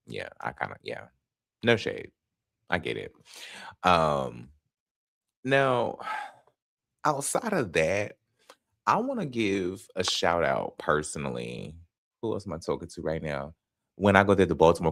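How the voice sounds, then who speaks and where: A man in his thirties with a Southern North Carolina accent chats casually with his viewers. He swears freely and talks in a fairly low voice that swings up and down a lot. The sound is dry and close. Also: a little slow, creaky, pauses often, no room sound. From Fayetteville, North Carolina. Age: 30s. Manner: animated, swearing, chatty with viewers. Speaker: host. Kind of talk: casual livestream chat.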